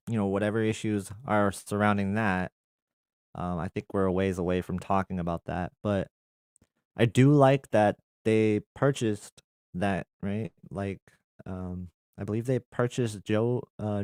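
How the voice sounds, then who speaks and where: A man's voice: lowish voice, darkish tone, clean tone, dry recording, studio quality. A young adult man hosting a tech channel, reading viewer comments aloud and answering them in a loose, rambling chat full of fillers. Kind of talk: casual live chat.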